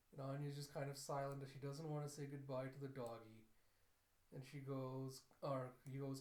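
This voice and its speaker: A man recapping and reacting to an anime episode, telling the story in an animated, storytelling way. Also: medium pitch, moderate pace. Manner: animated storytelling, laughs at cute moments. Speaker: anime reviewer. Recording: echoey room.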